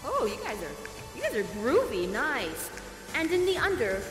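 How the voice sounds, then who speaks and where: An actress playing Rhonda, a bubbly, encouraging dance guide leading the audience through a playful performance in a live virtual theater show. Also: female voice, sits high, huge pitch swings, measured pace, echoey room, big-room sound, music in the background, heavily acted.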